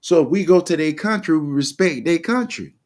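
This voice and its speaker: A man's voice: fairly high pitch, expressive, a little mellow. Guy from the us doing a casual livestream rant, keeps asking listeners "remember?", lots of stop-start restarts. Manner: repeats rhetorical questions to listeners; frequent halting restarts. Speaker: livestream host. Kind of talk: casual commentary monologue.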